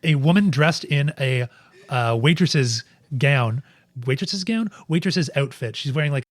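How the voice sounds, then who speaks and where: Rambling game master, dry sound. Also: male voice, a little high, lively intonation, unhurried, no echo. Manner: rambling, searching for words. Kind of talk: narrating a tabletop game.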